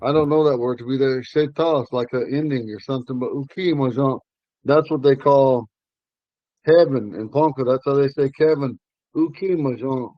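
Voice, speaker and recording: A man teaching a language class, explaining word meanings slowly and repeating key phrases. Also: medium pitch, no room sound, lo-fi sound.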